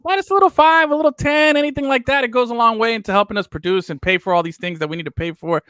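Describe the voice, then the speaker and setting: A man's voice: extremely high pitch, very fast, bright, forceful tone, smooth, no room sound, clean studio sound. A man hosting a casual sports talk show, joking and slangy. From island.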